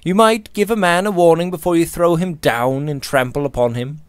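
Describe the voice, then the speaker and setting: A man reading the part of an easygoing young English gentleman, with a drawling, indifferent and mildly amused manner. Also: mid-range voice, big pitch swings, normal speed, no room sound, voice pushed up, natural voice.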